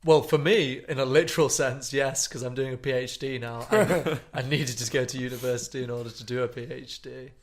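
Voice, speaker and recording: A young man in his twenties co-hosting a casual podcast, giving relaxed advice with dry jokes. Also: medium pitch, fairly quick, hardly any pauses. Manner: relaxed, joking advice-giver. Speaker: podcast co-host.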